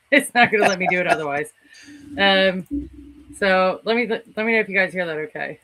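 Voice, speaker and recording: A woman's voice: medium pitch, moderate pace, fairly bright tone. A woman hosting a live-stream interview, chatting casually while she works the stream controls. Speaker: host.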